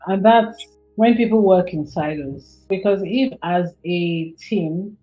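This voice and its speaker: Woman guest, low-ish voice, explains things steady, muffled sound. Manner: measured, explanatory. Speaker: podcast guest. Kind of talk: conversational podcast interview. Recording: dull lo-fi audio with faint music.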